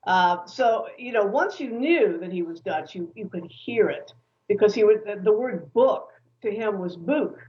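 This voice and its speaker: A woman author speaking as an interview guest, lively and opinionated as she tells her stories. The sound is a little dull and muffled, as if it came through a lo-fi link. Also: medium pitch, moderate pace. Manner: animated, opinionated storyteller.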